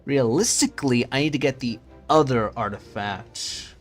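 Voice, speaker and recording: A man's voice: medium pitch, moderate pace, faint music behind. A man streaming a video game, chatting casually with his viewers and muttering to himself as he searches through menus. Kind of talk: casual gameplay chat.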